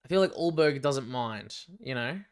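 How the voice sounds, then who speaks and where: A young Australian man hosting a live fight watch-along, chatty and excitable, swearing freely as he reacts. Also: mid-range voice, normal speed, smooth. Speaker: livestream fight companion host.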